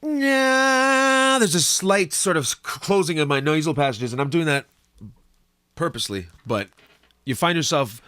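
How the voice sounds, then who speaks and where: A man's voice: on the high side, moderate pace, a bit bright, dry recording. A man teaching singing and rapping, breaking into sung notes and rap lines to show each point. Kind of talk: vocal lesson with sung examples.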